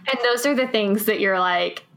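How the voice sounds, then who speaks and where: A woman's voice: mid-range voice, normal speed, gravelly, fairly bright tone. Friendly woman podcast host. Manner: friendly, encouraging, asks follow-up questions. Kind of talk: casual interview.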